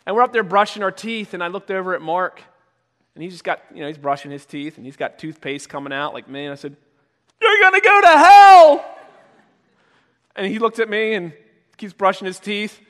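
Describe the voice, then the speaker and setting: A male pastor with a high voice preaches to his congregation, his words ringing with the long reverb of a church sanctuary. He keeps it conversational, then breaks into loud shouted voices when acting out stories. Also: quick pace. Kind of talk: sermon.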